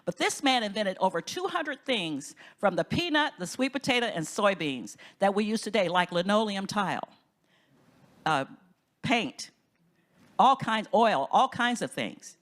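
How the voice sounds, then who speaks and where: A woman minister giving an inspirational conference talk in a lively storytelling manner, often rising high with enthusiasm. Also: a little slow.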